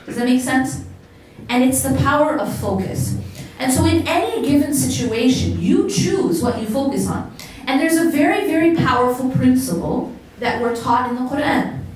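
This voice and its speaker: This is a religious talk given by a woman to an audience in the room, casual in tone, with questions directed at the listeners. Her voice is high-pitched and a little mellow. The recording picks her up from a distance in a reverberant hall, with faint noise.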